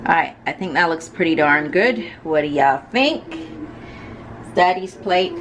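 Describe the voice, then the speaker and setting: A woman's voice: lowish voice, animated, measured pace. A woman who moved to the US as a teenager, chatting playfully at home with her family for a vlog and laughing often. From abroad, moved to the US at about sixteen. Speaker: vlogger and mother. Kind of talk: casual family vlog chat. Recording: clear background music under the voice.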